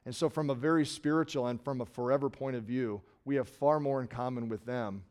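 A middle-aged man from Nebraska preaching a sermon in a conversational way, swinging from loud emphasis to quiet trailing words. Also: medium pitch, fairly even intonation, fairly quick. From Nebraska, USA. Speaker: pastor.

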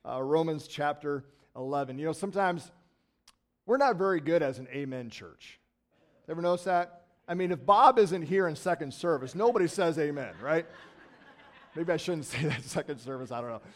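A man with a fairly high voice preaches to his congregation in a church sanctuary. He talks like he is chatting with friends, tosses in quick asides and jumps into bursts of excitement. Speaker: pastor. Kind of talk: sermon.

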